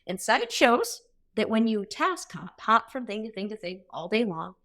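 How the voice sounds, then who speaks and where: A woman in her thirties giving a coaching talk in a workshop style, energetic and blunt, with casual swearing. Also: fairly high pitch, moderate pace.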